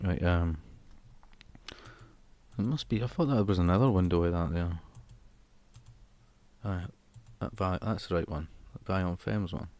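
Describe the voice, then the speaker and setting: A man with a low, slightly mellow voice talks at a measured pace with long pauses, recorded dry. He's chatting casually on a live stream, reading out comments and joking at his own expense, laughing at his own attempts at accents.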